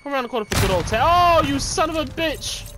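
A man giving live gameplay commentary, excitable and swearing, trash-talking the other players. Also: extremely high pitch, quick pace, noisy background. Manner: excitable, profane trash talk. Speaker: gamer. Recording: loud game gunfire and vehicles over voice. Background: shooter game gunfire and explosions.

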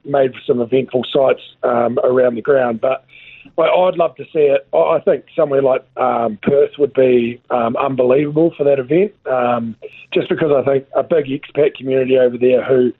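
A man's voice: mid-range voice, no room sound. New Zealand man on a phone line. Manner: laid-back, rambling, lots of fillers. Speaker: guest, former rugby player. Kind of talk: casual chat.

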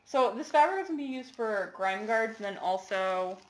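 A woman's voice: mid-range voice, expressive, normal speed, a little hiss or hum. A woman chatting casually to the camera in a show-and-tell video, rambling with lots of fillers and apologies. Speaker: cross-stitch vlogger.

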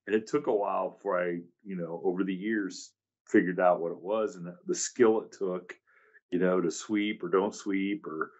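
A man's voice: low voice, fairly even intonation, moderate pace, darkish tone, highs cut off. A man hosting a podcast, musing and rambling in casual chat. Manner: rambling, musing, laughs easily. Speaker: podcast host.

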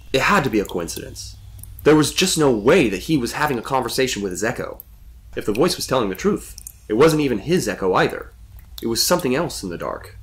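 A man reading a suspenseful story as a storyteller with steady narration. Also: mid-range voice.

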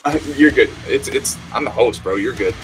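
A man hosting a podcast, chatting casually and rambling excitedly, swearing now and then. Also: mid-range voice, normal speed, soft background music. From Australia. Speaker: podcast host. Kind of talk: casual podcast interview chat.

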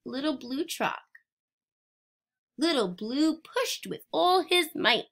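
Woman teacher, unhurried picture-book read-aloud, invites the kids to join in. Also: high voice, animated, fairly bright tone. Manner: interactive, prompting children to join in.

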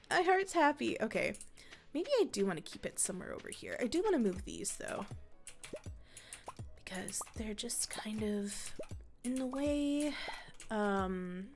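A woman's voice: on the high side, a bit bright, slight background noise. A young woman commentating her gameplay, gushing and teary with emotion, close to crying and giggling between lines. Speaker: gaming channel host.

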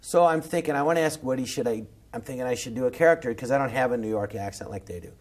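A man from Southern California with a Californian accent, telling a long, rambling anecdote as a podcast guest, full of restarts and quick imitations. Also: mid-range voice. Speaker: guest comedian.

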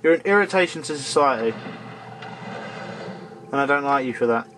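A man's voice: medium pitch, expressive, normal speed, fairly bright tone, a little hiss or hum. A young man doing gameplay commentary, grumbling in exasperation and scolding the enemies on screen. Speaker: let's play gamer.

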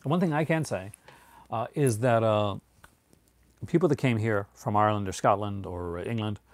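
A man's voice: fairly low pitch, normal speed, no room sound. Rambling Newfoundland man, dry close sound. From Newfoundland, Canada. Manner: chatty and rambling, drifting between tangents. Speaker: streamer answering viewer chat. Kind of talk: casual live-stream chat.

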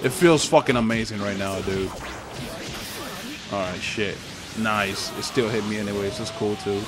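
A man's voice: fairly low pitch, steady tone, moderate pace, background noise. A young man with a Spanish accent giving loose, profane, trash-talking commentary while he plays a fighting game online. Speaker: gaming channel host. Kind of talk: live gameplay commentary.

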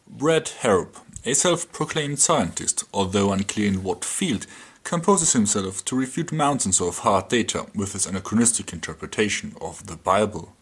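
A man's voice: on the low side, animated, normal speed, husky. A man with a German accent delivering dry, sarcastic scripted commentary.

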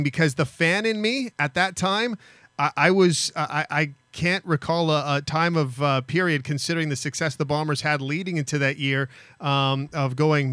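Slightly high-voiced man asking halting questions. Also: fairly bright tone, dry recording. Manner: halting, searching questions with many restarts. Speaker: host. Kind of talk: casual sports interview.

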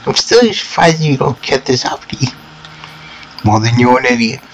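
A man's voice: mid-range voice, lively intonation, normal speed, slight background noise, natural voice, rough recording. A man doing a grumpy, sarcastic teenage boy. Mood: disgusted. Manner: sullen, sarcastic.

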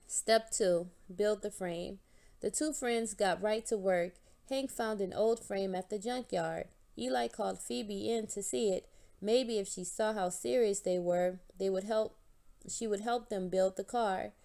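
A woman reading a children's picture book aloud with a steady, clear delivery. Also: medium pitch, a little slow. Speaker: storybook reader.

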